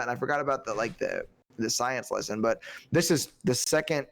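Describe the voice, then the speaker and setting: Gravelly-voiced man on a film podcast. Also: mid-range voice, normal speed, a bit bright. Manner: loose and profane, slips into mock accents. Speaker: podcast co-host. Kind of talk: casual film review chat.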